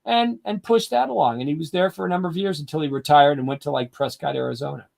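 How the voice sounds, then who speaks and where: An older man, a drum educator, telling casual stories in an animated way and acting out what his friends said. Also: on the high side, quick pace, gravelly. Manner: animated anecdotes, quotes friends in lively voices. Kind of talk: casual storytelling.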